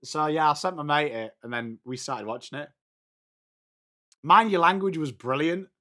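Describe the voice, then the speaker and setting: Excitable English man hosting a watchalong. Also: fairly high pitch, moderate pace. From England. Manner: chatty and excitable, reads out viewer names. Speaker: watchalong stream host. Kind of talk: live football watchalong chat.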